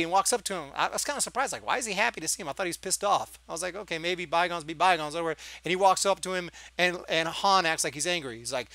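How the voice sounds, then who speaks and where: A man's voice: a little high, fast, sharp tone, dry recording. A man giving a casual, sarcastic movie review, exasperated and acting out lines of dialogue. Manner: sarcastic, exasperated, acts out quotes.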